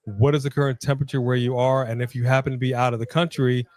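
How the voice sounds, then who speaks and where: A man's voice: medium pitch, little pitch movement, fast, a little mellow. A man co-hosting a casual live watch-along stream, upbeat, greeting viewers by name and hyping the chat. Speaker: livestream co-host. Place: Los Angeles.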